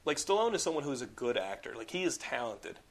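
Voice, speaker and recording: Speaking fast in a loose podcast conversation, a young male host is excitable and profane, leaning heavily on the word "like." His pitch is ordinary middle range.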